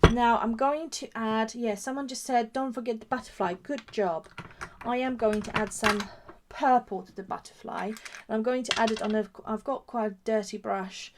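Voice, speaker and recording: A woman with a slightly high voice walks viewers through a craft technique step by step, thinking aloud as she goes. She keeps admiring each result, warmly enthusiastic and chatty. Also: fairly even intonation, normal speed, slight background noise. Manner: gushing, admiring her own work. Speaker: craft shop founder and demonstrator. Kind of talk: live craft demonstration.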